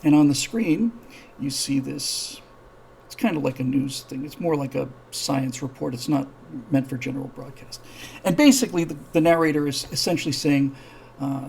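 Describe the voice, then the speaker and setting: A man's voice: medium pitch, moderate pace, gravelly, a little mellow, slight background noise, low-quality recording. A man hosting a live-streamed show, telling a story in a casual, rambling way, with many restarts, and acting out the characters' dialogue. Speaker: show host.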